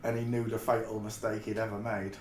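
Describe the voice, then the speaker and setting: A man's voice: on the low side, level tone, fairly quick, slight background noise. A man from England, telling rambling anecdotes in a casual way and often breaking into laughter. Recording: roomy echo.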